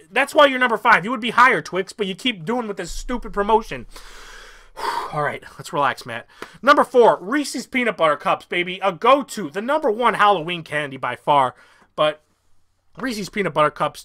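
A young man hosting a comedic ranking vlog, ranting with mock outrage and swinging from mumbled asides to loud excited bursts. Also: high-pitched. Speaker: YouTuber.

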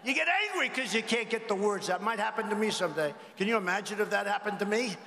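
High-voiced male rally speaker, rambling and mocking; podium mic in a big echoey hall with a long tail and faint ambience. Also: animated, fast, background noise. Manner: rambling, mocking, conversational asides to the crowd. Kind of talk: campaign rally speech. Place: large indoor arena rally.

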